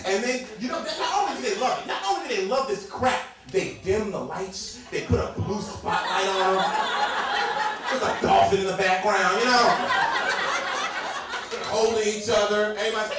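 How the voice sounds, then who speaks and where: A man's voice: high voice, moderate pace. Guy doing a funny story live, voice all over the place, echoey room, mic far off, crowd laughing. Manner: animated, acts out voices, laughing often. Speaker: stand-up storyteller. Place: small live venue stage. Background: audience laughing.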